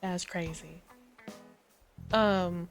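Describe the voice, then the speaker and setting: Slow, easygoing woman streamer chatting. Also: on the low side, steady tone, music in the background. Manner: easygoing, rambling, many fillers. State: lowered morning voice. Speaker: livestream gamer host. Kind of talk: casual chat while playing a game.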